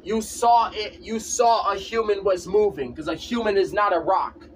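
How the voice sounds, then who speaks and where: A man's voice: high voice, moderate pace, distant mic, a little hiss or hum. A man in a casual vlog, ranting insistently and repeating himself over and over. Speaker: vlogger. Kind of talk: casual rant to camera.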